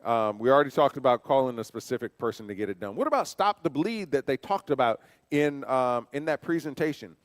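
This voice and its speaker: In a large church hall with long reverb, a man gives a conversational safety training talk, asking rhetorical questions and sharing personal stories. His mid-range voice is animated and fairly quick, with a clean studio sound.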